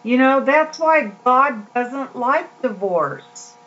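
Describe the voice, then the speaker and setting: A woman's voice: high-pitched, lively intonation, takes it slowly, a bit bright, highs cut off. A woman giving a casual, heartfelt devotional talk to her viewers, rambling with many fillers and restarts. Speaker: Christian vlogger.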